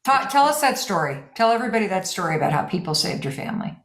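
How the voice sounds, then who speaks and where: A woman's voice: mid-range voice, big pitch swings, fast talker, fairly bright tone. A woman interviewing a guest, asking curious, probing questions. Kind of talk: conversational interview. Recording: roomy echo.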